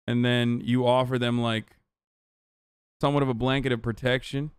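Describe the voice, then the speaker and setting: Incredulous streamer with a smooth, dry voice. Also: male voice, medium pitch, little pitch movement, moderate pace, no room sound. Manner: incredulous, profane interjections. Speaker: streamer reacting to a video. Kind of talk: live stream reaction commentary.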